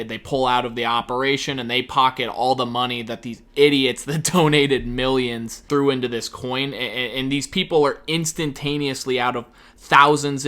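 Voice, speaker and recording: Man, bright tense voice, sarcastic reaction commentary, profane, animated asides. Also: medium pitch. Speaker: commentary YouTuber.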